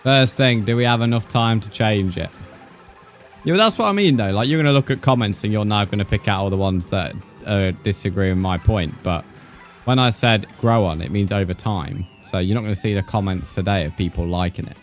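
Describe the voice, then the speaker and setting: A young British man from the UK chats casually with viewers during a live gaming stream, throwing in slang like "mate" and "bro." His voice is on the low side and brisk, with soft music in the background.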